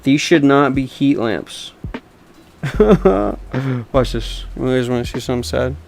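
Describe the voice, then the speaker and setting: A man with a gravelly, creaky voice chats casually as he draws, mocking himself and laughing often. He takes his time, speaking at an unhurried pace, and soft music plays in the background. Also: medium pitch, level tone. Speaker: artist and video host. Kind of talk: casual chat while drawing.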